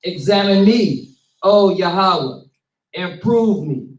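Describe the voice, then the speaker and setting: A man with a fairly high voice reads scripture in a slow, measured way. He sits back from the mic, and his voice rings around an echoey room. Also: lively intonation, far from the mic. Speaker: scripture reader. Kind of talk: reading scripture aloud. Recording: roomy, off-mic.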